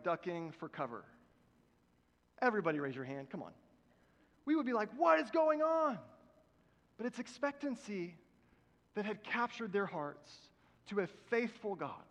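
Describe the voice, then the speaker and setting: A man preaching a sermon as pastor, with emphatic swings between loud exhortation and hushed prayerful passages. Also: sits high. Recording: long hall reverb from a church.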